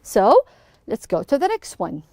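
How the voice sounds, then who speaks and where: A woman's voice: a little high, wildly swooping pitch, unhurried, darkish tone, dry recording, studio quality. A woman teaching an English lesson to young pupils, prompting with questions and praising answers encouragingly.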